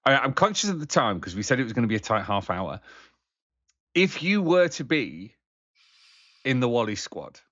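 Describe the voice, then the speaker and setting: A man's voice: medium pitch, sing-song, normal speed, long pauses, a bit bright, no echo. Male podcast co-host, rambling and hesitant, dry slightly dull recording. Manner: rambling, hesitant, lots of fillers and restarts. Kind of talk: casual podcast chat.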